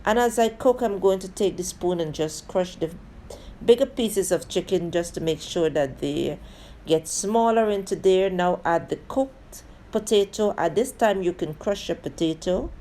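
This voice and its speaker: Woman doing a chatty cooking video, low-ish warm voice, keeps saying guys. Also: slight background noise. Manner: chatty, addresses viewers as guys; talks through each step with friendly asides. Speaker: cooking channel host. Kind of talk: casual cooking tutorial.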